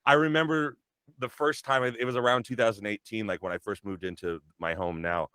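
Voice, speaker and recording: A man's voice: fairly low pitch, steady tone, brisk, sharp tone, clean tone, no echo. A young adult man chatting casually on a livestream, telling a rambling story with laughs and acting out quotes. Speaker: voice actor and guest on a developer livestream.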